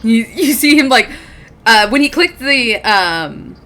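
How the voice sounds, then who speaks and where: A woman runs a tabletop game session, narrating the scene in a relaxed, chatty way. She laughs easily and fills her pauses with ums as she goes. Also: fairly high pitch. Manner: casual, giggly narration with fillers. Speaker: game master.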